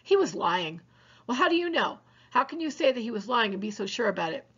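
Teacher lady reading a book out loud, kinda high husky voice, muffled lo-fi recording. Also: sing-song. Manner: plain unhurried reading with small slips. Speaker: teacher reading a novel aloud. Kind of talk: reading aloud to students.

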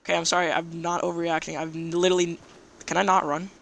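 A man giving live gameplay commentary, talking to himself and reacting loudly with frequent swearing when things go wrong. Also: a little high, fairly quick, creaky. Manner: excitable, swears freely when surprised. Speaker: gaming YouTuber. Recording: steady background noise under the voice.

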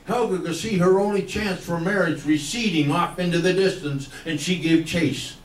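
A man's voice: high voice, normal speed, distant mic, slight background noise. Folksy country storyteller man, roomy sound. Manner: folksy drawl with country slang, laughing through his lines. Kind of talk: stand-up comic storytelling. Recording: roomy, from off the mic.

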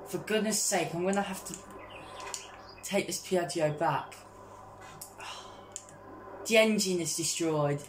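A woman giving casual gameplay commentary as a vlogger, excitable and constantly calling out to her viewers. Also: lowish voice, slow, pauses often, echoey room, background noise. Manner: excitable, keeps addressing viewers as guys. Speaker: gaming vlogger.

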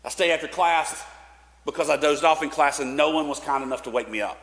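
A man's voice: fairly high pitch, brisk, fairly bright tone. Man preaching in reverberant church. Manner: casual, conversational, with filler likes and restarts. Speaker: pastor. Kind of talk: sermon. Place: church sanctuary.

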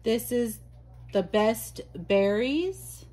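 A woman's voice: a little high, lively intonation, drawn-out words, mellow. A woman vlogger chatting casually as she unboxes mail, gushing and exclaiming often. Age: adult.

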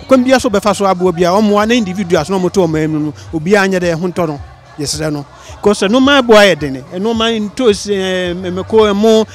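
Earnest high-voiced Ghanaian man, street interview. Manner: earnest, pleading, halting with many restarts. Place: outdoors on a city street.

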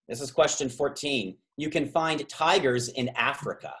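A man's voice: mid-range voice, fairly bright tone. Man hosting a trivia quiz on a video call. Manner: reads multiple-choice options slowly, stretching key words; chatty asides and self-corrections. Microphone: video call microphone.

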